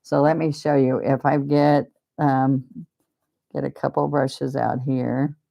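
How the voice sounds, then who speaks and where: Slow, gravelly-voiced woman teaching painting. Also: extremely low pitch, flat delivery, lo-fi sound. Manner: chatty, rambling, openly emotional; speaks of faith and blessings. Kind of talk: live painting demonstration.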